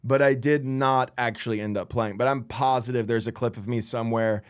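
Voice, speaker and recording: A comedian man in his thirties co-hosting a podcast. He rambles through his stories, restarting sentences and laughing along the way. His voice sits at an ordinary middle pitch. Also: fairly even intonation, fairly quick, smooth. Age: 30s. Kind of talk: casual chat, comic storytelling.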